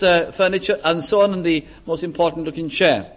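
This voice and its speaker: An older man preaching an earnest sermon, asking his listeners searching questions and dropping to a hush on key lines. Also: high-pitched, fairly quick, hardly any pauses.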